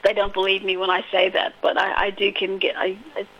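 A woman's voice: medium pitch, monotone, brisk, lo-fi sound. An Australian woman from Western Australia, a poet reading her own verse and then chatting hesitantly, with many fillers, as a guest on an interview show. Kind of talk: poetry reading and casual interview chat.

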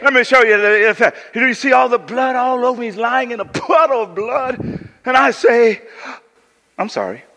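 High, bright-voiced preaching man. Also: normal speed. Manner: emphatic preaching with call-and-response, stammering restarts. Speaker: pastor. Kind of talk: sermon. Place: church sanctuary. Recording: long church hall reverb.

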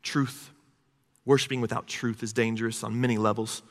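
A man's voice: medium pitch, level tone, moderate pace. A man preaching a sermon in a conversational manner, with asides to his congregation. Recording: long hall reverb.

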